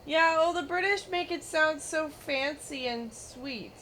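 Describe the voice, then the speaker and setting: A woman streaming a game, chatting casually, giggling and teasing, breaking into loud mimicking bursts. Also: high-pitched, measured pace, noisy background.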